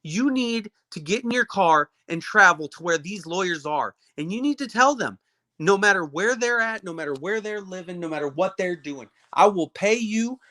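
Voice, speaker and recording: A heated, confrontational voice from South Dakota rants off the cuff, piling up repeated phrases and swearing freely. The pitch sits mid-range, and the sound is dry and close with no room echo. The delivery stays fierce and accusing throughout. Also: fairly bright tone. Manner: heated, profane, repetitive, confrontational. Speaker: local activist venting about police. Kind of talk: unscripted angry rant to camera.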